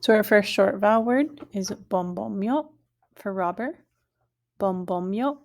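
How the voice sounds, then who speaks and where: A woman with a mid-range, slightly mellow voice teaches a language lesson. She says each word slowly and clearly, then repeats it.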